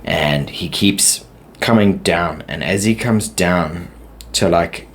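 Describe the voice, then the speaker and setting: Deep-voiced man rambling through a podcast. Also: takes it slowly. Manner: rambling, chatty, laughs at his own stories. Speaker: podcast host. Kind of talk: casual solo podcast storytelling.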